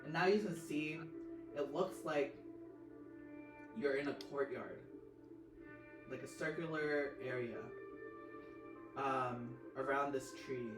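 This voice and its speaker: Slow, rambling woman game master. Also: rumbling low. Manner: meandering, many fillers and restarts. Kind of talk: narrating a tabletop game. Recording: roomy, distant mic, music behind.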